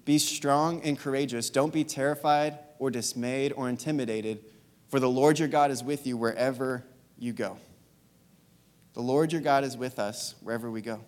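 A young man with a mid-range voice delivers a sermon at a moderate pace, telling a story in an earnest, casual way full of fillers. He's a youth speaker in a church hall, where long reverb rings out and soft guitar music plays behind him.

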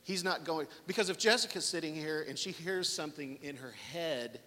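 A man's voice: a little high, moderate pace, sharp tone. Conversational man preaching in a hall. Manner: conversational, acts out inner voices. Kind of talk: sermon.

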